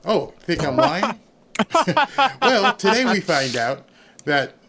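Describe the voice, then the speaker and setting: A man's voice: sits high, sing-song, takes it slowly, fairly bright tone, slight background noise. A man, streaming an angry, sarcastic rant in reaction to news clips. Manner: angry, sarcastic, mocks others in put-on voices. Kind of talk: ranting reaction commentary.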